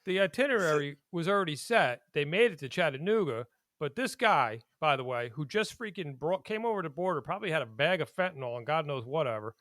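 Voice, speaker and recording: A man co-hosting a casual political chat, animated and indignant, breaking into laughs. His voice sits fairly high for a man. The sound is close and dry, with no room around it. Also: dry recording. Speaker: podcast co-host.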